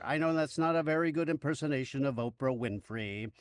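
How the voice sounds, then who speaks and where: A man's voice: mid-range voice, fairly quick, hardly any pauses, faint music behind. A middle-aged man co-hosting a podcast, chatting casually and acting out the people he quotes. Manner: animated storytelling, acts out quoted people. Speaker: podcast co-host. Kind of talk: casual chat.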